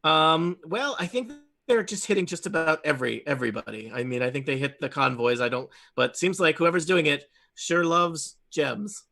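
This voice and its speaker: A man's voice: fairly high pitch, moderate pace, vocal fry, hardly any pauses, sharp tone. A man voicing a chatty, fretful male gnome gem merchant who talks in eager, hesitant bursts. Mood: worried.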